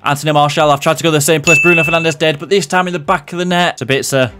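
A young man commentating on a football video game he is playing, jumping between loud outbursts and low muttered asides. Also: fairly even intonation, fast, music in the background. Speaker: gaming commentator.

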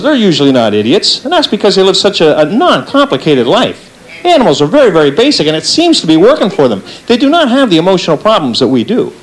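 A man doing a stand-up comedy routine on stage, talking to the audience with an animated delivery and acting out little voices. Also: rough recording. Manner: lively, animated delivery with big pitch swings and acted-out voices. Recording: live stage set with audience laughter. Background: faint audience laughter.

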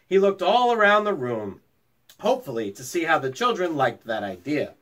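A man who is a teacher, reading a children's book aloud in an expressive, lively way. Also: mid-range voice, moderate pace. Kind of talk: storybook read-aloud narration.

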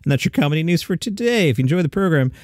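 A man hosting a daily comedy news podcast, reading listings and adding quick casual asides. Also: a little high, expressive, a little mellow, no room sound, studio quality. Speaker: podcast host.

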